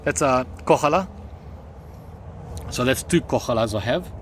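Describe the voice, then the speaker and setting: Expressive and a little slow, this man's medium-pitched voice carries a casual, rambling tour of his backyard garden, with many ums as he points things out. He's a gardening vlogger, and the recording has a little hiss or hum.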